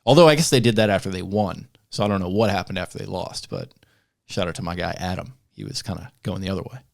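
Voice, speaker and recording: Young male co-host, low-pitched, dry close mic, easygoing rambler. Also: fast talker, gravelly, dry recording. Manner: rambling, filler-heavy, easygoing. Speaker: podcast co-host. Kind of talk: casual sports chat.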